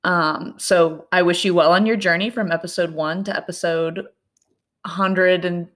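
A young woman co-hosting a podcast in earnest casual chat with frequent ums, sitting on the floor at home with rough home-made audio. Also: on the low side, steady tone, unhurried, a bit bright. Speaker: podcast co-host.

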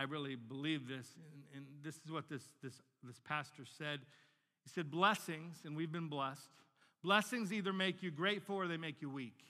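A man in his forties from Northern Virginia, United States, preaches in a large hall, his voice on the high side and sharp in tone. He's a pastor telling stories animatedly during a sermon, often repeating words as he restarts sentences.

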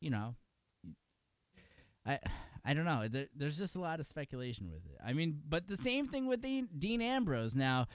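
A man's voice: a little high, big pitch swings, normal speed, no echo. A man co-hosting a podcast in casual chat, talking in a rambling way with many fillers and laughs. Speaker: podcast co-host.

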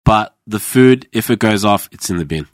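Sweary low-voiced man telling stories. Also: lively intonation, moderate pace, dry recording, studio quality. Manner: sweary storytelling, acts out quoted voices. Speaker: former chef, guest. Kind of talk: casual podcast chat.

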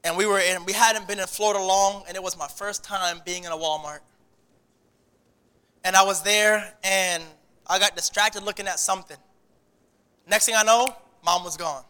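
Guy preaching, high bright voice, big echoey church, lots of restarts. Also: normal speed, pauses often, clear, resonant tone. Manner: animated preaching with many restarts. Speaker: pastor. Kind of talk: sermon.

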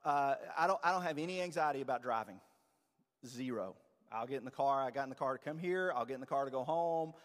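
A man's voice: mid-range voice, quick pace. Conversational man preaching in a reverberant church. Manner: conversational, self-deprecating, animated. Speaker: pastor. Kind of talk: sermon. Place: church sanctuary.

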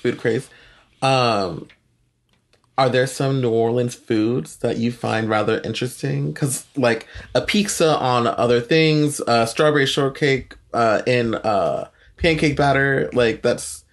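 A man's voice: medium pitch, slow. A man co-hosting a casual chat, asking curious questions with lots of hesitant fillers. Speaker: podcast co-host.

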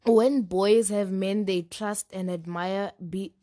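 A woman's voice: medium pitch, steady tone, slow, warm tone. A young woman, co-hosting a casual podcast, reading list points aloud and laughing easily in between. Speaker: podcast co-host. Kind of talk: casual chat.

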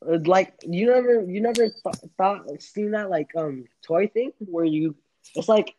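A man's voice: high voice, a little slow, warm tone, muffled recording, slight background noise. A young man hosting a casual podcast chat, rambling and laughing with many restarts. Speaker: podcast host.

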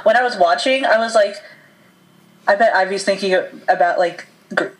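A woman co-hosting a movie podcast in casual conversation, quick to agree and chime in briefly. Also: mid-range voice, rough recording. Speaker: podcast co-host. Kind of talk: casual chat reviewing a movie.

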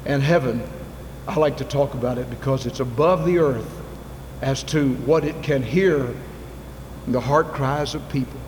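A man preaching a sermon in a church, moving from soft, intimate asides to loud, fervent appeals. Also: medium pitch, unhurried. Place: church sanctuary. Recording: long reverb, faint ambient noise.

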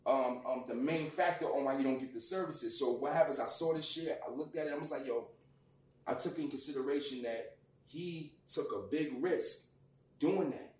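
A man telling a personal story in casual conversation, animated and profane, acting out what people said. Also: medium pitch, normal speed, roomy sound, distant mic, slight background noise. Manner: animated, profane, acts out quotes loudly. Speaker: guest.

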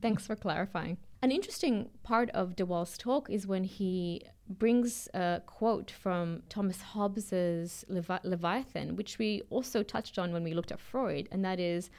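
A woman's voice: mid-range voice, a little slow, hardly any pauses, darkish tone. Woman thoughtfully summarizing an argument. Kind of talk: casual academic discussion.

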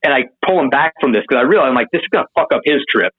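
A man telling a wild story as an interview guest, casual and profane, acting out what people said in a higher voice. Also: racing, slightly rough, phone-quality sound. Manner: animated, profane, acts out quotes in a higher voice.

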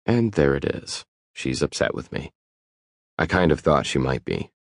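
A man narrating a first-person audiobook in a wry, even storytelling manner. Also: a bass voice, moderate pace, gravelly, dry recording, clean studio sound.

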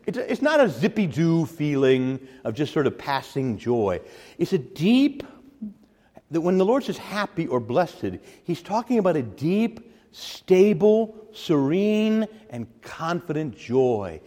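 A man preaching a teaching sermon as a priest, animated, acting out quotes with sudden loud, high bursts. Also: takes it slowly, long reverb tail.

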